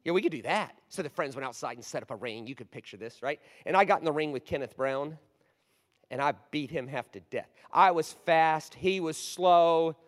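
A man in his forties preaching a storytelling sermon, animated, moving from hushed asides to loud bursts. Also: a little high, moderate pace. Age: 40s. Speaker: guest preacher. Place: large church hall. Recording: long hall reverb.

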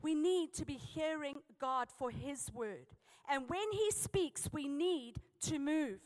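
A South African woman preaching a sermon, telling a personal story with lively, emphatic exhortation. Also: sits high, slow pace, big-room sound.

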